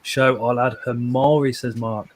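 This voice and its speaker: A man's voice: medium pitch, steady tone, measured pace. Rambling man hosting a live stream. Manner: rambling, repeats words, chuckles often. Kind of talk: casual chat, reading out viewer comments.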